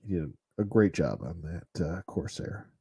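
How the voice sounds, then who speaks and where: A man's voice: deep voice, animated, a little slow, warm tone, breathy edge. A man casually reviewing action figures off the cuff, rambling and blunt, with some mild cursing. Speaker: toy collector reviewer. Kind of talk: casual unscripted toy review.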